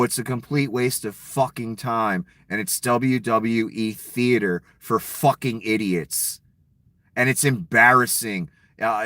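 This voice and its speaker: A man's voice: medium pitch, a bit bright, dry recording. Profane, sarcastic man ranting. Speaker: political commentator. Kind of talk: angry political rant.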